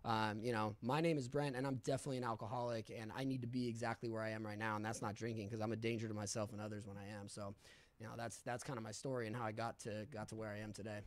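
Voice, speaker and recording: A man's voice: on the low side, flat delivery, racing, dry recording. A young man telling a candid story in casual talk, full of swearing and fillers. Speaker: podcast guest.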